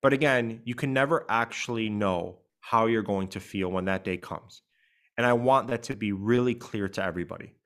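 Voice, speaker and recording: A man's voice: lowish voice, normal speed, a bit bright. A man co-hosting a podcast as a grief coach, talking in an earnest, emphatic way and stressing key words. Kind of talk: podcast conversation.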